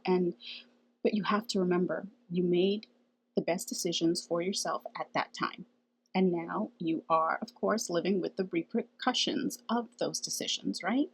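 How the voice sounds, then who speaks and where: A woman's voice: on the low side, steady tone, normal speed, a little hiss or hum, low-quality recording. A middle-aged woman talking casually and earnestly to camera about spiritual signs, laughing often and checking in with "okay?". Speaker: spiritual channel host.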